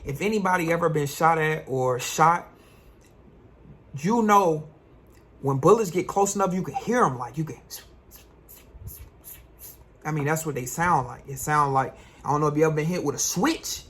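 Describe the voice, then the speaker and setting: A young man, a vlogger, tells a personal story in an animated, slangy way. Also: on the high side, normal speed, long pauses, slightly rough. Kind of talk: storytime vlog.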